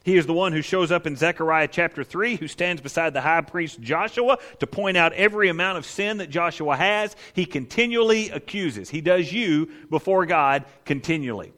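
A male pastor preaching a sermon in an animated, conversational way with rhetorical asides. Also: fairly high pitch, moderate pace, few pauses.

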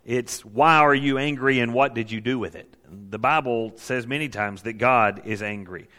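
A man gives an emphatic sermon on counseling in a mid-range voice, bright and forceful, at a moderate pace. Key phrases come back again and again for weight, echoing with the long reverb of a large hall.

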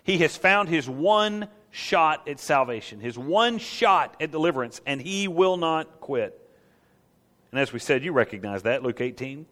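A man preaching a sermon in an animated way, asking the congregation rhetorical questions and acting out the scene. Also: a little high, a little slow, in a large hall. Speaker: pastor.

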